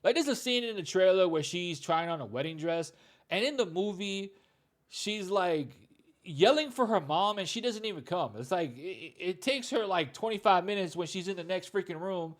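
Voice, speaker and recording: A man's voice: high voice, expressive, moderate pace. A man reviewing a movie in a loose, candid, conversational way, with plenty of "you know" and "like.". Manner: candid, blunt opinions. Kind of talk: casual spoken movie review.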